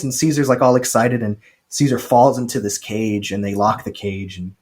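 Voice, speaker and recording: A man co-hosting a casual podcast, retelling a film with jokes and quick paraphrased lines from its characters. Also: medium pitch, a little mellow. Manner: chatty, joking, quick paraphrased quotes. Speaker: podcast co-host recapping a film. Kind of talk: casual chat.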